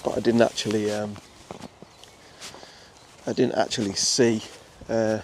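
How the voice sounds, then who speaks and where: A man's voice: fairly low pitch, level tone, a little slow, a little hiss or hum. A young man with an English Midlands accent, chatting casually with many fillers and restarts as he films on a walk through a nature reserve. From England. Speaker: wildlife photographer. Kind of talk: casual vlog narration outdoors.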